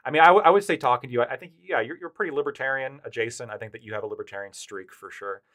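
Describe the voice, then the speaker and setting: Quick-talking man with stammering restarts. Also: mid-range voice, a bit bright. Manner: fast, reasoned, stammering restarts. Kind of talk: casual political chat.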